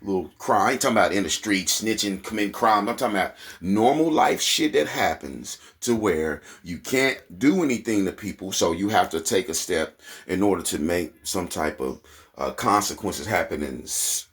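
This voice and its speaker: A man with an Oklahoma accent ranting angrily to camera, profane and heated, his voice climbing into high indignant peaks. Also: expressive, normal speed, a bit bright, slightly rough. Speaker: vlogger. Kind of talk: angry rant to camera.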